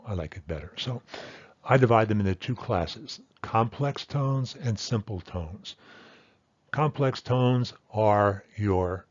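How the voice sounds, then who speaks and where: A man with a fairly low voice gives a patient, step-by-step language lesson. He repeats each example word slowly, sounding it out more than once. The recording is dry and a little dull and lo-fi. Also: dry recording. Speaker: Thai language teacher. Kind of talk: explanatory lesson.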